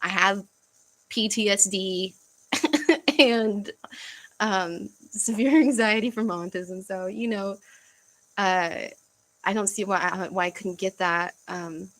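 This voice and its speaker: A woman's voice: mid-range voice, fairly bright tone, rough recording. Young woman on a home livestream, hesitant, lots of ums and sighs. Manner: halting, searching for words, frequent fillers and sighs. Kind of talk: casual livestream chat reading comments.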